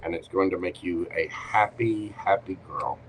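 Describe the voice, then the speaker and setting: A man's voice: low voice, moderate pace, noisy background. A man hosting a live tarot Q&A, giving readings in a playful, teasing way with short punchy commands.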